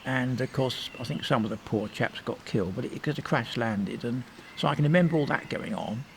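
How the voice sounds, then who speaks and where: Gravelly older man reminiscing. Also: medium pitch, fairly quick, noisy background. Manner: rambling anecdotal storyteller, meandering with restarts. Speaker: interviewee. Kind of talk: reminiscing in a casual interview.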